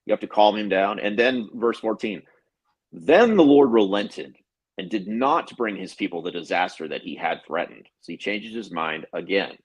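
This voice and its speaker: A low, husky-voiced man talks as a podcast co-host. He reads verses aloud and then answers them with sarcastic, animated asides in a loose, conversational way. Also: normal speed, low-quality recording. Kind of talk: casual critical discussion.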